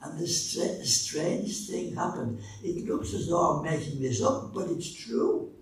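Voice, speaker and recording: An older man preaching a sermon and telling a story from his own life, slow and dramatic, with his pitch and loudness swinging widely. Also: expressive. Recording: echoey hall, speaker far from mic, faint noise.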